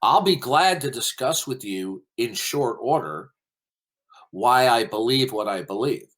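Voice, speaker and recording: A man's voice: mid-range voice, lively intonation, a little slow, a bit bright. A man hosting a heated online voice-chat debate, lecturing emphatically and interrupting with repeated questions. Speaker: debate host.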